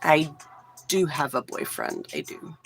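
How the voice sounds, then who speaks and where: A woman's voice: deep voice, unhurried, gravelly, soft background music, rough recording. A woman in her forties from Texas, chatting casually with viewers on her livestream. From Houston, Texas. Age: 40s. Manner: relaxed, chatty, talks straight to chat. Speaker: livestream host.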